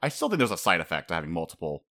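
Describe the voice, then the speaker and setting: A man co-hosting a casual chat, excitable and swearing freely, sometimes acting out characters. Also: deep voice, racing. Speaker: podcast co-host.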